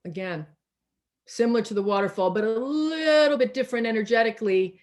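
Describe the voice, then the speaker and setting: A woman's voice: fairly high pitch, darkish tone. Reflective woman preaching over a video call. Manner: slow, reflective, with repeated words and emphatic pauses. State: tired. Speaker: pastor.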